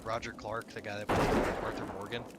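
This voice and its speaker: Low-voiced guy streaming a game, rambles and swears a lot, loud gunfire in the background. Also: flat delivery, a little fast, very noisy. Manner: rambling, swearing, laughing at own stories. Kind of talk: casual chat while gaming.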